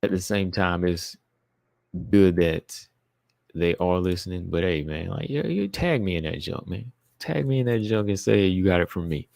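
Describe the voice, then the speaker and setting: A man's voice: sits low, moderate pace, creaky, a little mellow, no echo, clean studio sound. A man hosting a live talk stream, chatting casually and emphatically to his viewers, repeating phrases and calling out to the chat. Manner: informal, uses "y'all" and "be listening". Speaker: podcast host.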